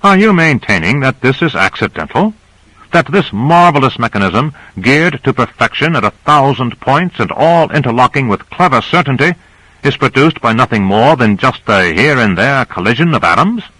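A man's voice: mid-range voice, moderate pace, bright, forceful tone, dry recording, voice pushed up, natural voice, rough recording. A man reading a novel aloud, voicing a devout male surgeon who lectures earnestly.

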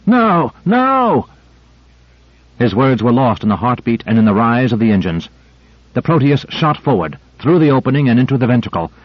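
A man narrates an audiobook in a steady, measured reading voice of middle pitch. The recording is dull and lo-fi, close and dry. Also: breathy edge, dry recording. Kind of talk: scripted narration.

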